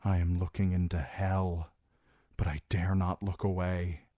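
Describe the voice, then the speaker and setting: A man reading a defiant but frightened young queen, speaking her tense, hushed inner thoughts aloud. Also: low voice, little pitch movement, measured pace, no room sound, studio quality. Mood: grim.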